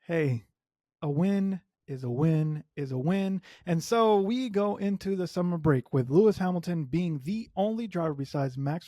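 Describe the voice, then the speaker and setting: A man hosting a solo motorsport podcast, a native Spanish speaker talking in English, animated and emphatic with strong opinions. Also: a little high, no echo, clean studio sound. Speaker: podcast host.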